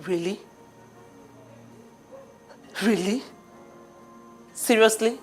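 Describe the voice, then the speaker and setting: A woman's voice: mid-range voice, drawn-out words, soft background music. An actress with a Nigerian accent playing an outspoken woman who scolds her friend with incredulous questions. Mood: scolding.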